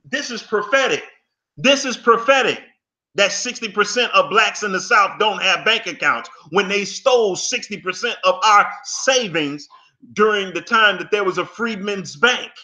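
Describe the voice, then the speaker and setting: A man's voice: sits high, lively intonation, a little slow, pushed and bright. A man giving fervent commentary, preachy and emphatic, scolding and pleading with his audience in folksy phrases. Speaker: commentator reacting to an interview clip.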